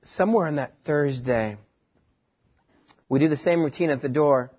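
West texas guy preaching, tells stories about himself and jokes at his own expense, kinda high voice, muffled lo-fi sound. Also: moderate pace, pauses often, husky. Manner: storytelling, self-mocking humor. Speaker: pastor. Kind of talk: sermon. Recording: dull lo-fi recording.

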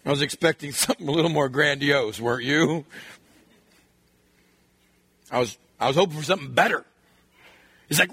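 A man preaching a sermon in an animated way, acting out voices and sometimes shouting. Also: on the high side, a little slow, pauses often, husky, dry recording. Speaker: pastor.

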